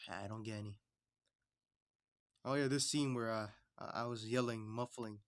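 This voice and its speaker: A man's voice: lowish voice, steady tone, moderate pace, dry recording. A man streaming while he draws and animates, talking to himself in a rambling, chatty way. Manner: rambling, chatty self-talk. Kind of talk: casual livestream chat.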